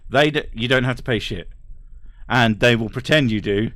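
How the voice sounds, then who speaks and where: A man's voice: medium pitch, normal speed, a bit bright, no echo. Blunt, profane British-based man ranting. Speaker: streamer reading chat. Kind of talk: casual livestream chat.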